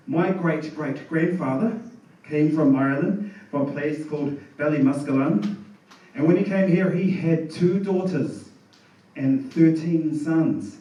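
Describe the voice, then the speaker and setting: A man doing stand-up in a bar, in a laid-back, storytelling way. His voice sits a bit high for a man and comes from well off the mic. The room rings with heavy echo, and faint bar noise runs underneath. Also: measured pace, mellow. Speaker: stand-up comedian. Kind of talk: stand-up comedy. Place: comedy bar stage. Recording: echoey bar room from far off.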